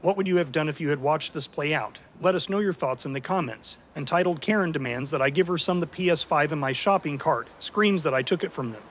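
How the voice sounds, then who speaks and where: A man narrating a story in an even, scripted way, as the host of a story channel. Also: a little high, a little fast, hardly any pauses, a little hiss or hum.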